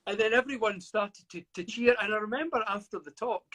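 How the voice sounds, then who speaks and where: A man's voice: high-pitched, normal speed, a bit bright. A middle-aged man from the UK, a guest author reflecting at length in an interview, often stammering and restarting. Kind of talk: interview over a live video call.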